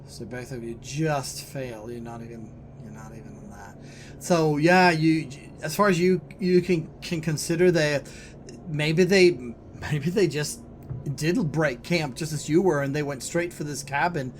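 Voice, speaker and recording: A man narrating a tabletop horror game as game master, speaking English as a second language, halting and repeating words as he goes. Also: on the high side, slight background noise. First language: Swedish.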